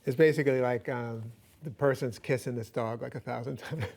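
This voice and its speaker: A man's voice: mid-range voice, steady tone, brisk, gravelly, darkish tone. A man speaking as a guest author, answering questions in a loose, rambling way with frequent laughs and fillers. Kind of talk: casual Q&A answers.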